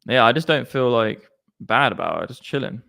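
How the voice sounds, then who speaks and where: A man's voice: mid-range voice, animated, normal speed, vocal fry, pushed and bright. A man hosting a casual crypto livestream, chatty and slangy, swearing freely. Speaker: crypto stream host.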